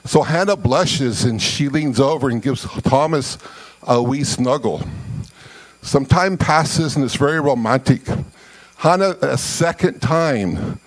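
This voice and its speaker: A man's voice: medium pitch, expressive, slow, rough recording. Folksy male joke teller from Scotland. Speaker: comedian. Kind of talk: storytelling joke.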